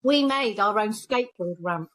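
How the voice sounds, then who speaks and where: A woman's voice: medium pitch, lively intonation, normal speed. A middle-aged English woman reminiscing in a casual chat, talking in a chatty, blunt way. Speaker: guest.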